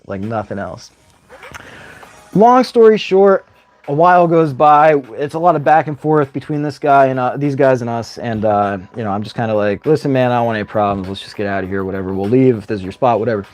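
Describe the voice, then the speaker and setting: A man casually spinning a long story on his live stream, rambling and checking in with "right?" as he goes. His pitch sits in an ordinary middle range. Faint music plays softly behind him. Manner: rambling, tags lines with "right?". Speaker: livestream host.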